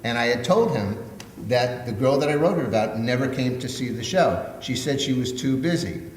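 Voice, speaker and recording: A man's voice: medium pitch, lively intonation, normal speed, distant mic. A man, a composer-lyricist guest at a post-show Q&A, telling anecdotes in a wry, joking manner. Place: theater auditorium. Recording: echoey hall with background noise.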